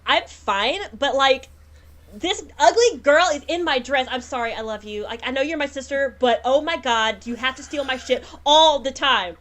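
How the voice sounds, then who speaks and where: A woman's voice: high-pitched, moderate pace, fairly bright tone, pitched above the performer's own voice. A woman voicing a spoiled, scheming young wife who talks in a whiny, petulant way and swears a lot.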